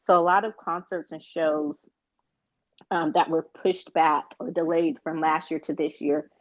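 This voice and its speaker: A woman's voice: deep voice, level tone, measured pace, no room sound. An American woman co-hosting a podcast in a casual, rambling chat, with many fillers. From United States. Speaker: podcast co-host. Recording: dull, dry lo-fi sound.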